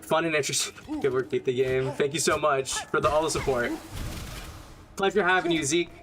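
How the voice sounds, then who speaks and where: A man's voice: a little high, fairly quick. A young man casually commenting while streaming a game, blunt and rambling, swearing often.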